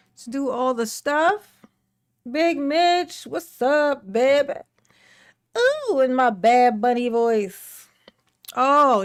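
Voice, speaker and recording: A woman's voice: medium pitch, clear, resonant tone. A woman hosting a casual livestream. She greets viewers by name, laughs often and rants animatedly. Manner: animated ranting. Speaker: livestream host.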